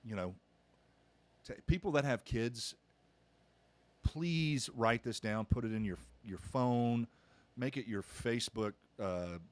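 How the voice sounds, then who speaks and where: A man's voice: medium pitch, slow, pauses often, no room sound. A middle-aged man, a pastor hosting a podcast, telling a family story earnestly with frequent restarts. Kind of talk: casual podcast conversation.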